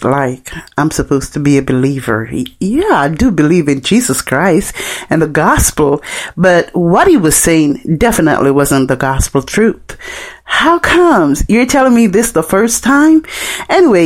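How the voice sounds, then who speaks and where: A woman's voice: deep voice, darkish tone. A woman from Jamaica with a Jamaican accent hosting a podcast and chatting through funny stories. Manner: chatty, joking, laughing between lines. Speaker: podcast host. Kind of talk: casual storytelling monologue.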